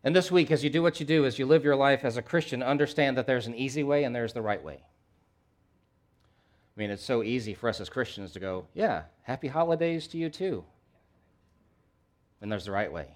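A pastor preaching a sermon, moving between quiet low asides and loud emphatic questions, and reading scripture aloud briskly. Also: male voice.

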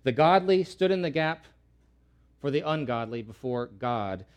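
A man preaching a sermon in an earnest way, repeating key words for emphasis and rising loud when quoting pleas. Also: medium pitch, animated, a little slow. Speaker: pastor.

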